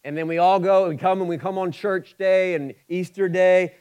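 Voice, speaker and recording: Ohio-raised pastor, emphatic and conversational. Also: male voice, high voice, steady tone, moderate pace, few pauses, clear, resonant tone, rough recording. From Ohio, USA. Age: 40s. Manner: emphatic, swinging from loud urgent peaks to quiet intimate asides; conversational and humorous between scripture readings. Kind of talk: sermon.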